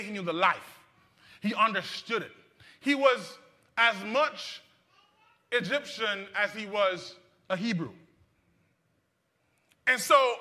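A man with a very high, pushed, bright voice preaches a sermon, repeating phrases and restarting lines. He leads call-and-response, and the congregation can be heard answering.

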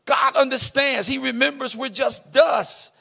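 High-pitched gravelly preacher shouting his sermon. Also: fairly even intonation, a little slow. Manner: impassioned, rising to shouts with a sing-song cadence.

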